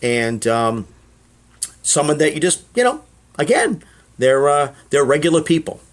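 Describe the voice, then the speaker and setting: A middle-aged man tells show-business stories in a rambling, chatty way. His voice sits a bit high and swings animatedly. Fillers and asides pile up as he talks. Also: very animated, a little slow. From Boston. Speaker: comedian and guest. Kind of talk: casual interview storytelling.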